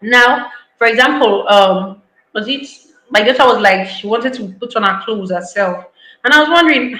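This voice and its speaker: A woman's voice: fairly high pitch, moderate pace, pushed and bright, reverberant, rough recording. A woman giving an online parenting talk, emphatic, repeating key lines and acting out parents' voices. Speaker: parenting speaker.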